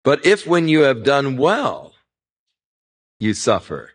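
A man's voice: lowish voice, sing-song, moderate pace, breathy edge. A male pastor giving a conversational Bible-teaching sermon, folksy and anecdotal, with rising emphasis on scripture. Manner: folksy, anecdotal, chuckles at his own stories.

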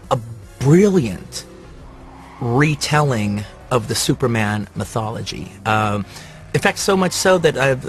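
A man giving casual film-ranking commentary in an enthusiastic, rambling way. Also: mid-range voice.

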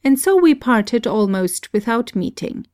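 A woman reading a memoir aloud as scripted narration, steady and earnest, with argumentative passages. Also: on the high side, a little slow, dry recording, clean studio sound. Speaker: audiobook reader.

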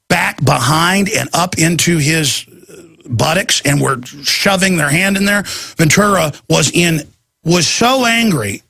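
Talk radio guy ranting hard, raspy gravelly voice, bright and forceful, dry sound. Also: fairly high pitch, dry recording. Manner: fired-up, emphatic storytelling with quoted voices. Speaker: radio talk show host.

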